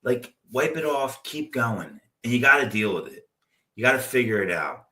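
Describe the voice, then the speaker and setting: The host of a real estate investing show, a man with a mid-range voice, speaks at a normal speed in a loose, animated motivational talk packed with anecdotes and frequent "like". The room is echoey and he sits far from the mic.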